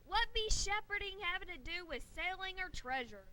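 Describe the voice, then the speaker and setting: A woman's voice: very high voice, animated, moderate pace, bright, forceful tone, full character voice. A woman voicing a boastful, dim-witted pirate captain puppet in a children's church show, growling pirate talk and stammering. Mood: flustered pirate.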